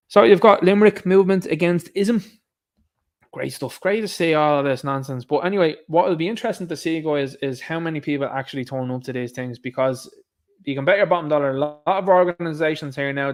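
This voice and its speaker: Sarcastic Irish man asking rhetorical questions. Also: fairly high pitch. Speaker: online commentator. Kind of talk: casual monologue commentary.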